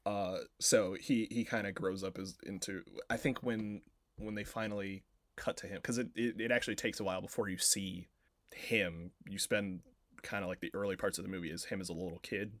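A man's voice: sits low, fairly even intonation, fairly quick, fairly bright tone, no room sound, clean studio sound. A man co-hosting a podcast, casually retelling a film plot in a rambling way, full of filler words and swearing. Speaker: podcast co-host.

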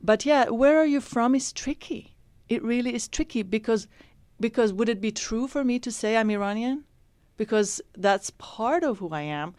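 A woman's voice: on the high side, animated, moderate pace, darkish tone, dry recording. A woman actress answering interview questions in a reflective, thoughtful way, often restarting her sentences.

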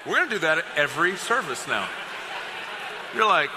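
A man's voice: high voice, very animated, normal speed, long pauses, background noise. A man preaching a sermon as pastor, talking in a conversational, joking and direct way to his congregation. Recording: long reverb of a large hall.

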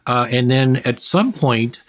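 A man who is a physician, a guest on a podcast interview, telling stories with relaxed, wry self-deprecating humor. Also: medium pitch, a little slow.

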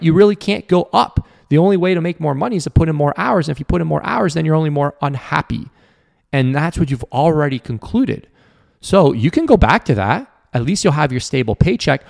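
A man's voice: on the high side, creaky, a little mellow. A man hosting a motivational podcast, speaking earnestly in a coaching tone to entrepreneurs and acting out the people he quotes. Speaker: podcast host.

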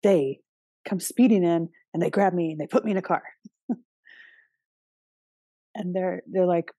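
A woman hosting her own podcast in a loose, chatty monologue. Her voice is husky and warm, and she drops in casual fillers and the occasional curse. The sound is dry and close, with no room echo. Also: on the low side, unhurried, long pauses. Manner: relaxed and conversational, with frequent fillers and casual swearing. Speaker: podcast host.

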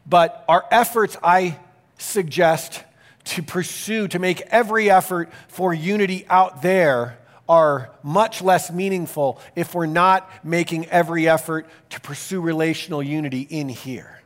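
A male pastor preaching a sermon, his voice sitting a little higher than most men's. He delivers it earnestly and emphatically, pressing some phrases quickly and drawing others out slowly.

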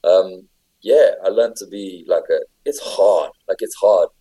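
A man's voice: deep voice, a little slow, mellow, breathy edge, rough recording. A young English man chatting casually, telling stories with lots of fillers and restarts. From England. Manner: rambling, filler-heavy storytelling. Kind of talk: casual chat.

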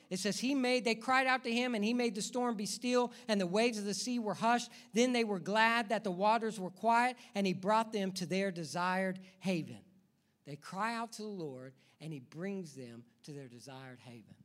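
High bright-voiced preacher man. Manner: dynamic preaching, swinging from hushed to shouting; repeats words and asks the congregation questions. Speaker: pastor. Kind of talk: sermon.

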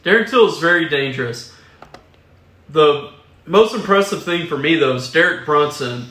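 A man's voice: fairly high pitch, animated, moderate pace, a bit bright. A man co-hosting a casual podcast, explaining things steadily to listeners. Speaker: podcast co-host. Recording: echoey room.

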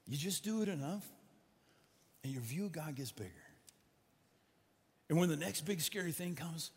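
A man's voice: a little high, expressive, moderate pace, long pauses. A man preaching as a pastor, leading his church in prayer with earnest, building repetition. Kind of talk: sermon and prayer. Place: large church with balcony. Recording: long church reverb with music.

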